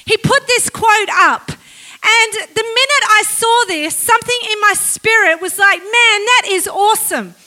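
A woman preaching as a guest speaker at a church service, energetic and exclaiming, leading the congregation in call-and-response. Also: very high-pitched, a little slow. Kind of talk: sermon.

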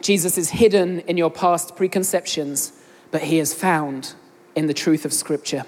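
A woman's voice: deep voice, flat delivery, normal speed, darkish tone. A young woman with an English accent preaching a sermon, earnestly addressing the congregation directly. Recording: long hall reverb.

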